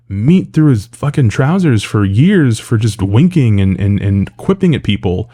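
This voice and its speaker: A man's voice: on the low side, big pitch swings, normal speed, few pauses, dark tone, slightly rough. A man giving an exasperated, sarcastic and profane rant in casual commentary, full of filler words.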